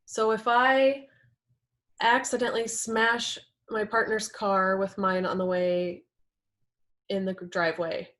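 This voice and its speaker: Brief: adult woman presenter, middle pitch, earnest teaching of relationship communication with lively acted-out quotes. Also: slow pace. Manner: earnest, acts out quoted partners in lively voices. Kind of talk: presentation talk with slides.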